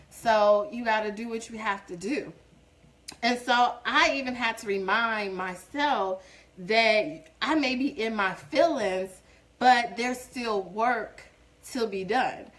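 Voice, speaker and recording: A woman's voice: medium pitch, fairly bright tone, rough recording. Earnest woman giving a faith talk. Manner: earnest, exhorting, builds to emphatic preaching. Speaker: host of a faith-based singles show. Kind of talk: informal devotional talk to viewers.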